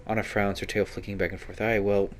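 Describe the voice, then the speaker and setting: A man narrating a video game playthrough, reading its text aloud in a steady, descriptive manner. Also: low voice, fast talker, slight background noise. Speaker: let's play narrator.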